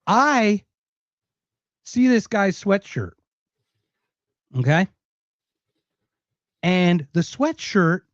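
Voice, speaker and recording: A Philadelphia man with a faint local accent hosts a podcast, chatting casually and rambling. His voice sits high, there's no echo, and the highs are cut off.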